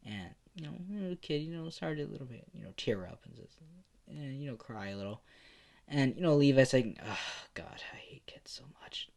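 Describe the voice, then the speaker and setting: Brief: male narrator, loose improvised storytelling, mid pitch, lots of filler. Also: lively intonation, a little fast, creaky, a little mellow. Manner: rambling, full of "you know" and "like".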